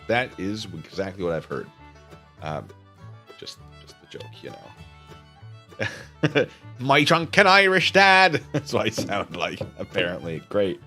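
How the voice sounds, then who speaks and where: A man streaming casually, rambling and joking at his own expense. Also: lowish voice. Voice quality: rambling and self-mocking. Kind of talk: casual live-stream chat. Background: instrumental music.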